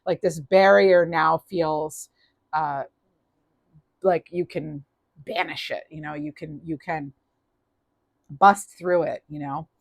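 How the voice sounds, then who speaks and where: Woman, tarot reader, lowish voice, dry close recording, chatty and upbeat. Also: fairly even intonation, slow pace, vocal fry, long pauses, dry recording. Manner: chatty, upbeat, frequent restarts and fillers. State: clearing throat, losing voice. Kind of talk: casual spoken tarot reading.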